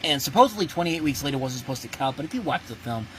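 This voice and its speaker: A man of middle pitch runs his own review show and talks straight to his listeners in a blunt, ranting way. He stops halfway through phrases and starts them over, and a faint hum of background noise sits under his voice. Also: expressive, very fast, a bit bright, poor audio. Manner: blunt, ranting, many restarts. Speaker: movie reviewer host. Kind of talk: casual spoken movie review.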